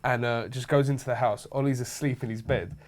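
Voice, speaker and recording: A man's voice: medium pitch, steady tone, brisk. A young man telling rowdy anecdotes in casual chat, swearing freely and laughing as he goes. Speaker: show regular.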